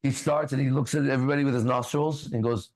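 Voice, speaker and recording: A man's voice: mid-range voice, steady tone, quick pace, darkish tone, poor audio. A man hosting a ministry talk show, preaching bluntly with swearing and constant rhetorical questions.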